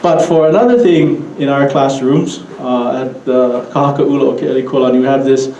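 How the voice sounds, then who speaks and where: A man with a Hawaiian Pidgin accent giving a keynote talk in a relaxed storytelling manner, with asides to the audience. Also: medium pitch, moderate pace, roomy sound, a little hiss or hum, low-quality recording. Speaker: keynote speaker.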